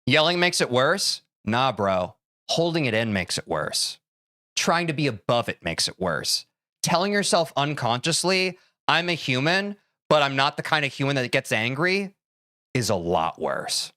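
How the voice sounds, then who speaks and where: A man's voice: mid-range voice, big pitch swings, a little slow, bright, forceful tone. A young man streaming live and talking to his chat in a heated, preachy way, speaking straight to them. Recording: gaming stream with music behind. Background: music.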